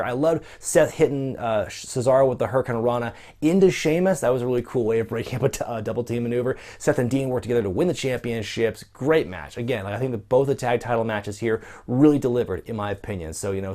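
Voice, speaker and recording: A man's voice: mid-range voice, a little mellow. A young man giving a casual, chatty solo review of a wrestling event, with lots of asides and fillers.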